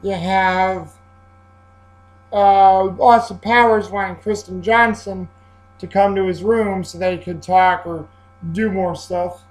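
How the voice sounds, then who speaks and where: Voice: medium pitch, fairly even intonation, slow pace, rough recording. A movie reviewer giving a casual spoken film review, rambling along with many fillers and restarts.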